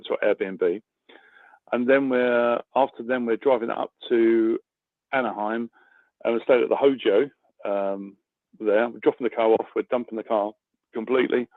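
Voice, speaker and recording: A man's voice: fairly low pitch, no room sound. A British man rambles cheerfully through a long call-in, full of ums and restarts. He sounds tinny, coming through a phone line. The sound is dry and close, with no room around it. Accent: British English. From England. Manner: chatty, rambling with many fillers. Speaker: caller.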